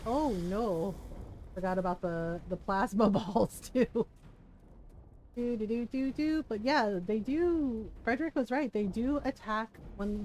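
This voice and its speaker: A woman's voice: medium pitch, a little mellow, low-quality recording. A woman chatting casually while streaming a game, laughing often and acting out bits. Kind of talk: casual gaming stream chat.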